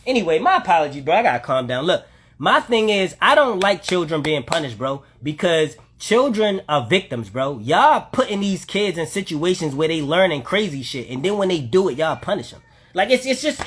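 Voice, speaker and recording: Ведущий прямого эфира, мужчина, горячо и напористо комментирует, постоянно обращаясь к зрителям. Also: male voice, a little high. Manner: animated, emphatic ranting with repeated asides to the listener. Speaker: livestream host. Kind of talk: heated commentary to live viewers.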